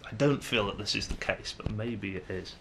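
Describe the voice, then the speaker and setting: A man's voice: fairly low pitch, normal speed, vocal fry, fairly bright tone, a little hiss or hum. A young Englishman with an English accent, musing to camera in a rambling, hesitant way with many fillers and restarts. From England. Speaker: vlogger.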